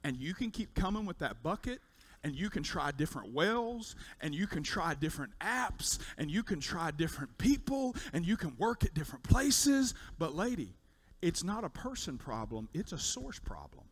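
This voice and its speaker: High-pitched, animated preaching man. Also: normal speed. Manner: animated storytelling preacher, repeats words when excited. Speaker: pastor. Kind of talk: sermon. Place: church sanctuary.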